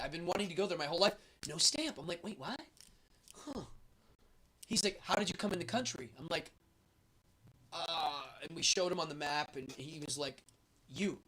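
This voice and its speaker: A man hosting a show, telling a travel story in a lively, animated way and acting out the voices of the people in it. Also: on the high side, slight background noise. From United States. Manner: lively storyteller, acts out the guards' and his own lines. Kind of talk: animated anecdote.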